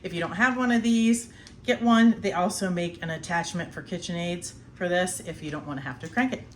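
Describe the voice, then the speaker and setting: A brisk, fairly low-pitched woman's voice comes through with a little hiss or hum. She's a middle-aged homestead vlogger casually showing a kitchen task at home, talking while snacking and laughing often in a chatty manner.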